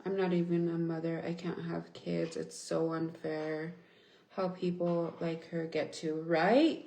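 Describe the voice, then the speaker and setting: A woman's voice: fairly low pitch, level tone, unhurried, dark tone, roomy sound. A young woman venting angrily and swearing in a casual livestream chat, reading and answering viewers. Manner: angry, venting, swears often. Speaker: livestream host.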